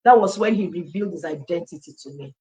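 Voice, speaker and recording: Animated Nigerian woman telling her story. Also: on the low side, fast, highs cut off. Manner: animated, acts out quoted dialogue, slips into Pidgin phrases. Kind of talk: personal testimony, casual storytelling.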